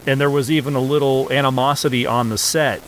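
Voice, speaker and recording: A man co-hosting a podcast, chatting casually about an old film in a relaxed, hesitant way with many fillers. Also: medium pitch, fast, a little hiss or hum, poor audio. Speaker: podcast co-host.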